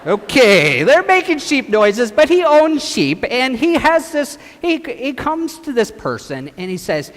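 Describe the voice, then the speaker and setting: Brief: priest leading a children's gospel skit, high and very animated, long church echo. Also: male voice, a little slow, hardly any pauses. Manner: animated storytelling, directing children. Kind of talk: children's sermon with acted gospel.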